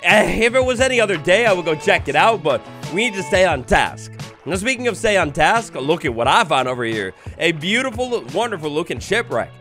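A young man talking through his survival game run in a bright, high voice that swings up and down constantly. He is playful and chatty, jokes with the creatures he runs into, and music plays softly under his voice. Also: brisk, few pauses. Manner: animated, playful, talks to mobs, bursts into excited yelps. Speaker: gaming YouTuber. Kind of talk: Minecraft let's play commentary.

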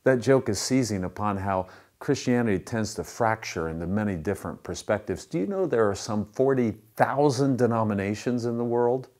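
A man's voice: fairly low pitch, animated, normal speed, hardly any pauses, darkish tone. A male pastor giving a conversational sermon that mixes in jokes.

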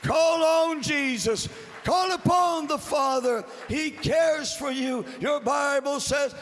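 A man preaching a Good Friday sermon in a church sanctuary, swinging from hushed whispers to shouted exhortation and repeating short phrases for emphasis. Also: very high-pitched, slow pace. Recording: long church reverb.

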